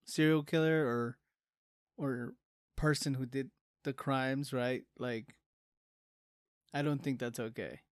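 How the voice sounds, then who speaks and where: An easygoing man co-hosting a relaxed podcast chat, often turning things into questions for the others. His voice sits at a middle pitch and sounds dry and close to the mic. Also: clean tone, no echo. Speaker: podcast co-host. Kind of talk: casual chat.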